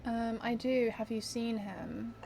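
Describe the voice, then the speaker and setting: A woman's voice: fairly high pitch, slow pace, gravelly, heavy background noise. Woman thinking aloud over a game. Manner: thinks aloud, sympathetic, hesitant. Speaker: gamer playing through a story game. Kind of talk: casual let's-play commentary.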